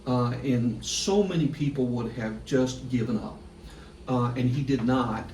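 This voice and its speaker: A middle-aged man, a sports broadcaster guest on a podcast, telling a story in a lively way and laughing through it. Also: mid-range voice, unhurried. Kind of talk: casual storytelling. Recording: echoey room, distant mic, faint hiss.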